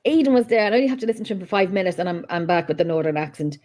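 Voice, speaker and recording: A woman's voice: fairly low pitch, lively intonation, rapid-fire, darkish tone. Chatty woman rambling. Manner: chatty, rambling, laughs often. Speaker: paranormal investigator guest. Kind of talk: casual chat.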